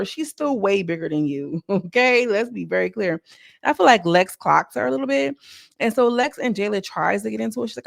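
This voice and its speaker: Chatty woman recapping with a gravelly edge. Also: medium pitch, lively intonation, quick pace, dry recording, clean studio sound. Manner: chatty, acts out cast quotes in a heightened voice. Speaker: show recap commentator. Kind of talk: casual reality-show recap.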